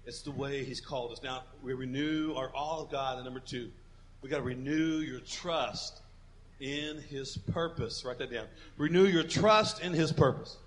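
A man preaching a sermon as pastor, building to emphatic declarations and dropping low to act out quoted voices. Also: moderate pace, a bit bright. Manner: acts out quoted voices, dropping to a near whisper.

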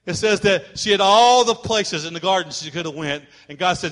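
A male pastor delivering a sermon, emphatic and repetitive, at times shouting. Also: high-pitched, a little fast, few pauses.

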